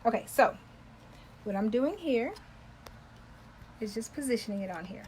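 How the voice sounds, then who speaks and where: A woman's voice: on the high side, expressive, moderate pace, a little mellow, slight background noise, poor audio. A talkative woman chatting with viewers while demonstrating embroidery on a live stream. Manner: talkative, loves to chat with viewers; greets viewers by name while working. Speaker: embroidery livestream host.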